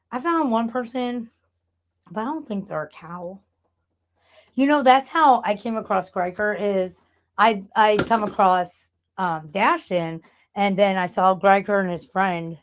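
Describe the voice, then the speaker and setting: A woman live streamer chatting casually and rambling, blunt and profane, often laughing. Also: mid-range voice.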